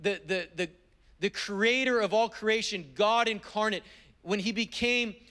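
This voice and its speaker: A man preaching a sermon as pastor, driving points home with repeated phrases and slowing down to read scripture. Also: sits high, bright, forceful tone. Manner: slows down when reading scripture aloud. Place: church service.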